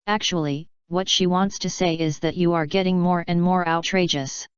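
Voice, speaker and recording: A woman reading a novel aloud in an even, steady narration, in a slightly dull lo-fi recording. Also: fairly low pitch, moderate pace, clean tone, no echo. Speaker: audiobook reader. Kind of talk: scripted narration.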